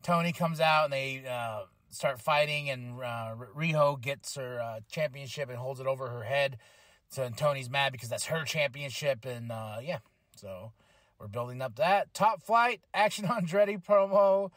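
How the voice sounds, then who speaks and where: A man hosting a podcast, reviewing a wrestling show in casual chat, excitable, laughing often and swearing freely. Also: medium pitch, moderate pace, no echo, clean studio sound. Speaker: podcast host.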